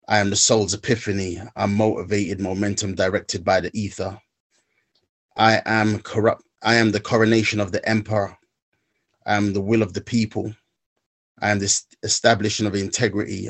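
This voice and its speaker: A man reciting a spoken word poem in a measured, rhythmic way, then talking haltingly about his own recovery steps. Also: on the low side, level tone. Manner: halting, searching for words.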